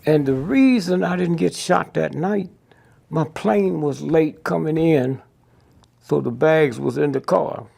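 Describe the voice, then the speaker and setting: A man's voice: on the high side, slow pace, darkish tone. An older man, telling stories bluntly and profanely in an interview, keeps asking "Huh?". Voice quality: gravelly and husky.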